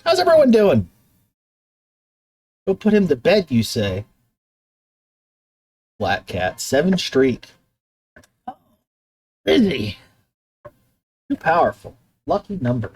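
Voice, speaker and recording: Woman streamer, relaxed drawl, rambling self-talk, faint background hiss. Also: deep voice, slow, pauses often. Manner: rambling, self-talk, coos at her pet. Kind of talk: casual live-stream chat.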